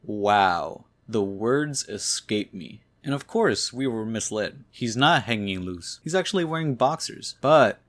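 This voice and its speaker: A man's voice: mid-range voice, a bit bright. A man recapping a comic book in a casual, chatty way, amused and full of asides.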